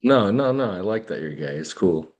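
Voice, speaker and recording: A talk show host with a very deep voice. He asks blunt questions and teases the caller in a loose, casual way. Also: animated, normal speed, darkish tone. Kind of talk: casual call-in chat.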